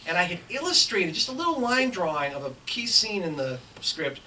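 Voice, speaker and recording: Animated man telling a story from a distance. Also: high voice, brisk. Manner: animated storyteller acting out other people's lines. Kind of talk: comic anecdote told to a live audience. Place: lecture hall with a live audience. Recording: distant mic with clear background noise.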